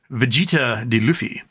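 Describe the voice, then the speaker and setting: A man's voice: mid-range voice, a bit bright, husky. Profane rambling livestream host, man. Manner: rambling, profane, chuckles at own jokes. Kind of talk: casual late-night livestream chat.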